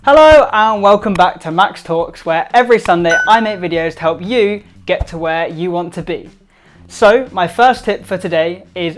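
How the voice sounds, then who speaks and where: A man giving upbeat instructional tips to camera, emphatic and varying his loudness to stress points. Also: sits high. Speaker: presentation skills vlogger.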